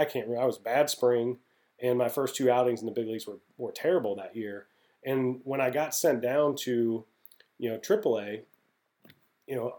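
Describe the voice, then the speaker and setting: Relaxed, mellow-voiced former ballplayer. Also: male voice, mid-range voice. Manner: rambling, candid, with frequent restarts. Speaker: former pro baseball pitcher, guest. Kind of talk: casual storytelling interview.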